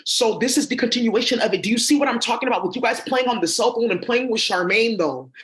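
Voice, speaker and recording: A woman's voice: fairly high pitch, fast. A woman vlogger talking straight to her viewers in a rambling, accusatory monologue full of ums and uhs. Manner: rambling and accusatory, heavy with fillers. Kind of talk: rambling direct-to-camera monologue.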